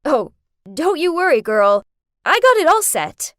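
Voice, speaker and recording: Woman doing a snarky rebel teen girl, animated story, dry close sound. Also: high-pitched, unhurried, no room sound, voice pushed up.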